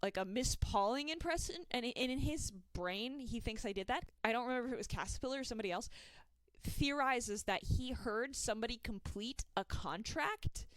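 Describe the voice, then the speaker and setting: A woman's voice: a little high, moderate pace, no room sound. A young woman in her twenties telling a storytime tale with a sarcastic, incredulous manner. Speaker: storytime YouTuber. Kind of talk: storytime commentary.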